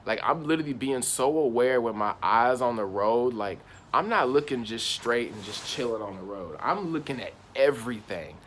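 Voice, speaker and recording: A man's voice: mid-range voice, animated, normal speed, hardly any pauses, fairly bright tone, a little hiss or hum. Young man rambling through a personal story. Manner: slangy, rambling, repeats "I was like". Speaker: channel host.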